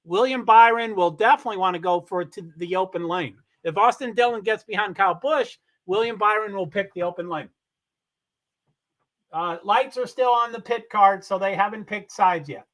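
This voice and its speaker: A man hosting a livestream, giving rambling, chatty commentary on a car race and swearing when he gets excited. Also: sits high, moderate pace. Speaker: livestream host. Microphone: computer mic on a streaming call.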